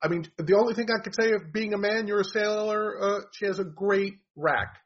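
Man, husky and high-pitched, blunt and opinionated, casual talk, dull lo-fi audio. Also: brisk. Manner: blunt, opinionated, rambling with fillers. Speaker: comedy commentator.

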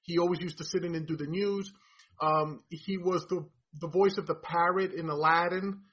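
A man with a New York accent and a high, husky voice chats as a podcast guest. He explains and tells stories at an easy pace. The audio is dull and lo-fi. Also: steady tone, moderate pace. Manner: storytelling, explaining. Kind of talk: casual conversation. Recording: dull lo-fi sound.

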